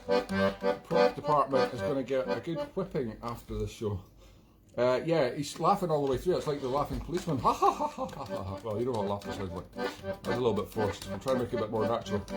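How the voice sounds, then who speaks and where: A man hosting a live online music show, chatting in a rambling, self-mocking, jokey way between songs. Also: medium pitch.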